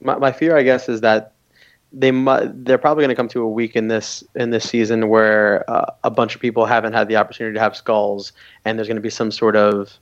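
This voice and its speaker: A man's voice: fairly low pitch, flat delivery, fairly quick, muffled recording. A man co-hosting a podcast, chatting casually and hesitantly with stumbling restarts. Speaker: podcast co-host. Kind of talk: casual chat about a reality show.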